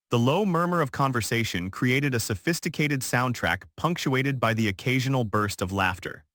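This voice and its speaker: A man reading a dramatic story as narrator, in a steady, even storytelling delivery. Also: medium pitch, dry recording, studio quality. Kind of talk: scripted narration.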